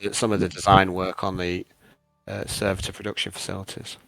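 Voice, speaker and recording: A man narrating and running a tabletop role-playing game in a relaxed, chatty way. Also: low voice, fairly quick, creaky. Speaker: game master.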